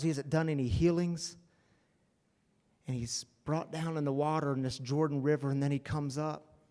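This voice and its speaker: A man pastor preaching an animated, conversational sermon. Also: fairly high pitch, in a large hall.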